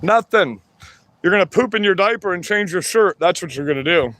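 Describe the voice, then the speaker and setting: Profane livestream ranter, high-pitched man, angry and repetitive. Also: expressive, quick pace, sharp tone, no room sound. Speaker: livestream host. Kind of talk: profane ranting commentary.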